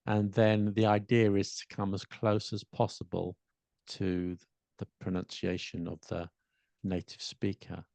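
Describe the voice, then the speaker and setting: Low gravelly guy on a podcast, keeps restarting his sentences, very dry sound. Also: monotone, a little slow, a little mellow, no echo. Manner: thinks aloud with frequent restarts and fillers; explains by demonstrating examples aloud. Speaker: podcast co-host. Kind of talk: casual teaching chat.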